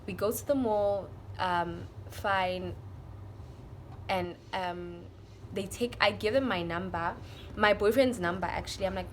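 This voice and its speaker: A young woman with a South African accent tells a storytime vlog to her viewers in an emotional, animated way. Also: lowish voice, measured pace, a little hiss or hum. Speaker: vlogger.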